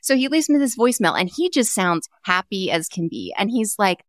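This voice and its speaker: A woman's voice: on the low side, a little fast, few pauses, no echo, studio quality. A woman hosting a podcast who chats casually and tells stories with lots of energy. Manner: animated storyteller. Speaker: podcast host. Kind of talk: casual interview chat.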